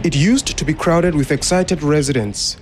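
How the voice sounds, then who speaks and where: A man narrating a scripted news report from abroad in a calm, narrated style. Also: on the high side, moderate pace, background noise.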